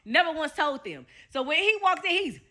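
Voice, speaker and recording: Bright high-voiced woman telling a story. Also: moderate pace. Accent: Southern US. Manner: animated retelling with quoted voices, heavy profanity. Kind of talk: casual storytime.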